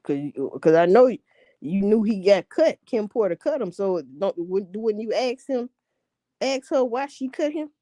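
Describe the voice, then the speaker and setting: A woman's voice: medium pitch, expressive, unhurried, dark tone, dry recording. A woman ranting in a casual commentary, blunt and heavy on profanity. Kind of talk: casual rant.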